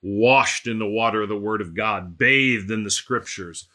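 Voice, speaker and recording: A man's voice: lowish voice, measured pace, pushed and bright. A man teaching an informal Bible study, emphatic, repeating phrases and calling on listeners by name. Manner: emphatic, repeats phrases, asks the group rhetorical questions.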